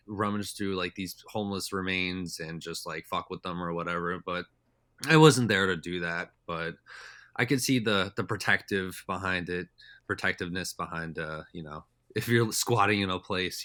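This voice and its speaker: Low-voiced man rambling through stories. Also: pushed and bright, smooth, no room sound. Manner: rambling, loose and talkative. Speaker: podcast guest. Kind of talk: casual storytelling chat.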